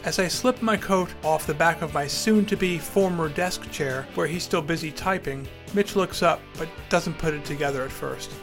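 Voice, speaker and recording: Wry male storyteller, slightly high voice, dry articulate delivery, faint music under. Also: moderate pace, hardly any pauses. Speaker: storyteller and podcast host. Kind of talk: first-person storytelling with acted dialogue.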